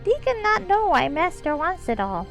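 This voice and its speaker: A woman voicing a timid, fawning male kobold bard who talks in broken grammar and refers to himself by name, in a high squeaky voice. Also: very animated, normal speed, creaky, fairly bright tone, faint music behind, full character voice, rough recording. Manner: high squeaky voice, some lines strained and out of breath. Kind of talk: live game-stream character voicing.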